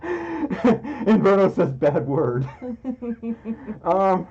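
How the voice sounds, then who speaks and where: A man's voice: high-pitched, wildly swooping pitch, very slow, darkish tone, slightly rough. A man hosting a casual livestream, chatty and giggly, reading out donations through a muffled mic. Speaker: livestream host. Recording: muffled lo-fi audio.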